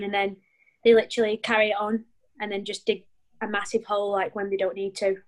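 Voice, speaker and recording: A young woman rugby player in an interview, soft-spoken and a little shy, answering hesitantly. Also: mid-range voice, little pitch movement, a little fast, poor audio. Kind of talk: interview conversation.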